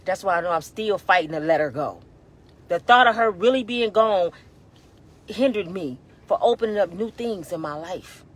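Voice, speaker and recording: A woman in her fifties giving a casual, preachy motivational talk, exhorting listeners as y'all, swinging between loud urging and hushed tones, holding back tears. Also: on the low side, expressive, moderate pace. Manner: colloquial, addresses listeners as y'all. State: near tears. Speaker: inspirational vlogger.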